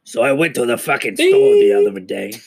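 A man doing a gravelly swearing ranter. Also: medium pitch, huge pitch swings, brisk, a crowd in the background, pitched above the performer's own voice. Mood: ranting. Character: man doing a loud profane rant bit. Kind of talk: comedic bit on a podcast.

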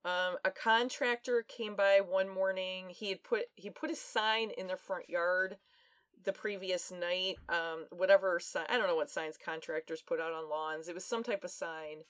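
A woman's voice: on the low side, moderate pace, clear, resonant tone, dry recording. A woman co-hosting a podcast, casually retelling a true-crime story with plenty of fillers and laughs. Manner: chatty, laughs often, many fillers. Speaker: podcast co-host.

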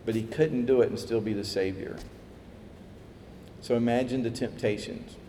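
A man preaching a sermon, lively, acting out quoted voices as he tells the story. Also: mid-range voice, moderate pace, a little hiss or hum. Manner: animated, acts out quoted voices, chuckles. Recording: echoey hall with faint ambience.

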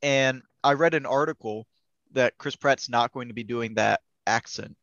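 A man's voice: mid-range voice, moderate pace, a bit bright, no room sound. A man co-hosting a casual movie podcast, with a wry, incredulous way of talking. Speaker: podcast co-host. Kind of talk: casual chat. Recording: dry lo-fi sound.

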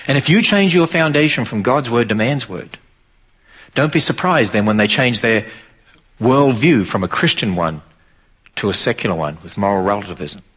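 A man's voice: mid-range voice, lively intonation, normal speed, a bit bright, slightly rough. A middle-aged man with an Australian accent preaching to an audience in an emphatic, driving way. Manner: emphatic, rises sharply for mocking quotes. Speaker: Christian speaker.

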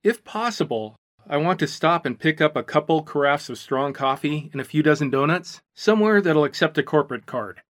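A man's voice: on the high side, expressive, a little fast, few pauses, pitched below the performer's own voice, close to an everyday voice. A man doing a terse, tired male computer worker. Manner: terse, dry, clipped replies. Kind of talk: audiobook character voice.

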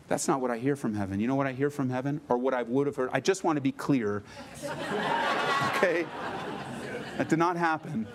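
A man's voice: mid-range voice, normal speed, long pauses, crowd noise, noisy background. A middle-aged male pastor preaching a sermon with emphatic delivery and playful asides.

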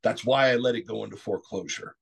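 A middle-aged man from Texas, a podcast guest telling his story candidly, rambling and clearing his throat often. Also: fairly low pitch, fast talker. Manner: frequent "you know" asides.

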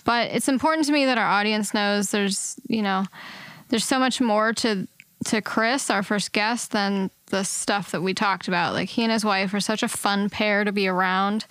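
A woman's voice: medium pitch, normal speed, fairly bright tone, smooth, no room sound. A woman co-hosting a podcast in casual chat, talking freely with lots of "like" and "um" and laughing easily, recorded in an upstairs room at home. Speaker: podcast co-host.

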